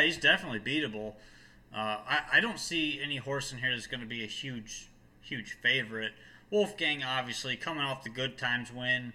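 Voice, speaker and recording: A man's voice: medium pitch, sharp tone. A man co-hosting a handicapping show, giving blunt, confident opinions in casual chat. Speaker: co-host handicapper.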